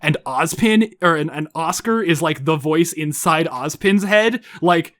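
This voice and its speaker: Casual male co-host, high and lively, jokey, laughs a lot, dry close mic. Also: a little slow, no room sound. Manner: animated, laughs often, jokey asides. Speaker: reaction show co-host. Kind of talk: casual group chat.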